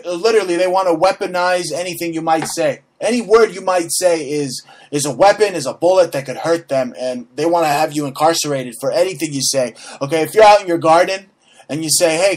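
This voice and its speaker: A man hosting a talk show, ranting in a brash, mocking way, swearing freely and checking in with "okay?" over and over. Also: on the high side. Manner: repeats "okay?" and restarts often, mocks voices in quotes. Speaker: host. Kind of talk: profane comedic political rant.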